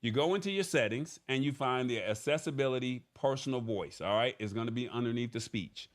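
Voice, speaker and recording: A man's voice: medium pitch, brisk. A man hosting a live-streamed tech news show, paraphrasing an article and explaining it step by step, often checking in with "all right?".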